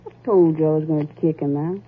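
An actress playing a coarse, bossy young wife, in an old-time radio drama. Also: female voice, low-pitched, quick pace, a little hiss or hum, lightly acted. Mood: hard, bossy. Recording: tinny old radio broadcast.

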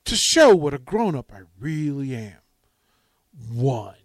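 Male radio host, high lively voice, dry studio sound, animated storyteller. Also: takes it slowly, no echo. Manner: animated storytelling, dramatic swings from loud to hushed. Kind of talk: casual call-in radio chat.

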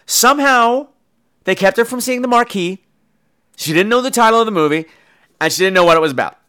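Male podcast host, campy and animated; bright, fairly high voice. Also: fairly quick, clear, resonant tone. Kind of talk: casual solo podcast chat.

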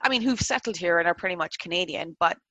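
An Irish woman in her thirties chatting casually on a video call, animated and full of "like" fillers. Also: fairly low pitch, fast, dry recording. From Ireland. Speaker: interview guest.

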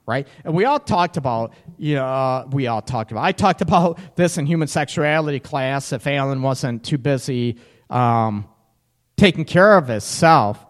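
A man's voice: on the high side, expressive, a little slow, a bit bright. A man hosting a live show in casual chat, teasing, laughing often and reacting to chat comments. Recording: echoey room with long reverb.

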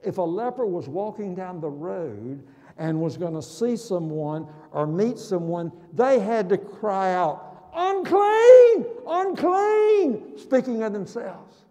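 High, lively preacher in an echoing hall. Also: male voice. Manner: dramatic, slow and emphatic with sudden loud exclamations. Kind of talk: sermon. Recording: long reverb of a large hall.

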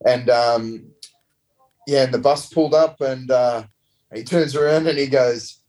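An Australian man, a former rugby player, telling relaxed, rambling anecdotes in a casual interview. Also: medium pitch, a little slow, low-quality recording. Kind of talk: casual storytelling.

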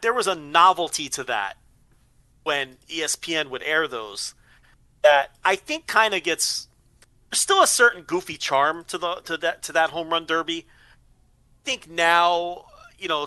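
A man's voice: on the high side, pushed and bright, dry recording. A man on a podcast, chatting casually and rambling, repeating words as he thinks. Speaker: podcast co-host. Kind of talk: casual chat.

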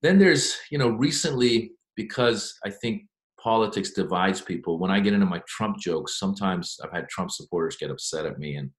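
A man, a stand-up comedian, answering interview questions in an animated, chatty storytelling way. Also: deep voice, normal speed, few pauses. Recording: echoey room.

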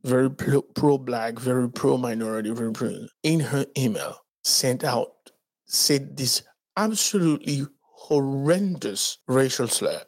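A man's voice: mid-range voice, a little slow. A man from the Dominican Republic co-hosting a podcast, telling a story casually, acting out quotes and swearing freely. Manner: animated storyteller acting out quotes in raised voices. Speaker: podcast co-host.

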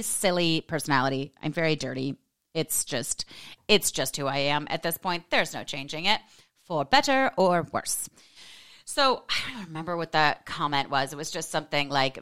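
A low, smooth-voiced American woman in her forties, chatting through a personal story on her podcast. She is sassy and animated and mimics the people she quotes, and her voice stays clear and resonant. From United States. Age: 40s. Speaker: podcast host. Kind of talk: casual storytelling monologue.

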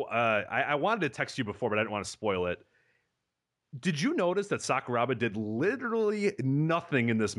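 Brief: male podcast co-host, fast talker, expressive pitch, easygoing and quick to laugh. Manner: quick, animated, laughs easily. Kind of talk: casual chat.

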